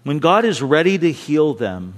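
A man preaching a sermon, earnest and swinging from soft, close asides to emphatic, raised passages as he quotes scripture. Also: a little high, big pitch swings, moderate pace. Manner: earnest, rising to emphatic, quoting scripture aloud. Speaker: pastor.

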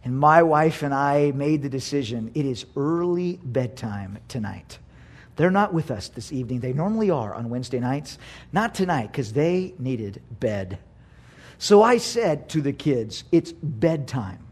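A man with a high voice preaching a sermon to his church. He acts out quotes and swings between loud and hushed lines. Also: big pitch swings, a little slow. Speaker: pastor.

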